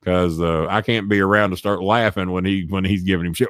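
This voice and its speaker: A deep-voiced guest tells a backstage story quickly in casual conversation, swearing a lot and switching voices to act out whoever he's quoting. The studio recording is clean and dry.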